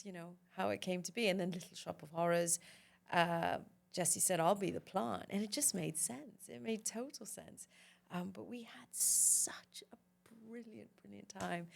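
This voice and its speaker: Woman, actress guest in an interview; lowish voice with audible vocal fry, chatty and upbeat. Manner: chatty and enthusiastic, with laughs and fillers. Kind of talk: casual interview chat.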